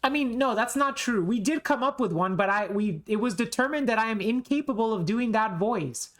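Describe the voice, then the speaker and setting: A woman streamer chats casually during a game playthrough, offering live commentary in a fairly high voice with lively intonation and a slightly fast pace. She's self-deprecating and often restarts her sentences.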